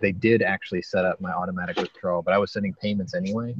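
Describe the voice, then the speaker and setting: A man with a somewhat low voice chats loosely on a podcast, drifting between points and restarting his sentences, with the odd curse. The recording is slightly muffled and lo-fi, with a faint background hiss. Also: fairly even intonation, racing. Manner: rambling, profane, many restarts. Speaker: podcast host. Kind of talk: casual podcast chat. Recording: dull lo-fi with faint noise.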